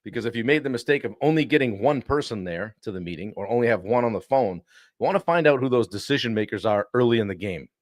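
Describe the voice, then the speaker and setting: A man hosting a live-stream coaching talk, animated and often clearing his throat. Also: mid-range voice, fast talker, no room sound, studio quality. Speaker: sales coach and show host.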